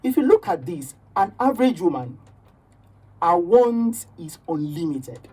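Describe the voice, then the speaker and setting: Mellow, husky Nigerian woman on radio. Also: lowish voice, very animated, measured pace, far from the mic. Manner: rambling, keeps asking "do you understand?". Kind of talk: casual radio chat.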